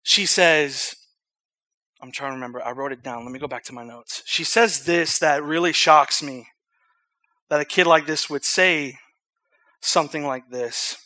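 A man preaching an evening sermon, telling a story in an earnest, conversational way and reading scripture aloud with loud emphasis. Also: a little high, normal speed.

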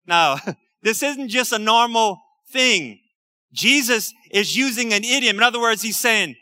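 A man's voice: high-pitched, expressive, unhurried, pushed and bright, dry recording, clean studio sound. A man preaching a sermon, reading scripture and explaining it in a conversational way with slangy asides. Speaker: pastor.

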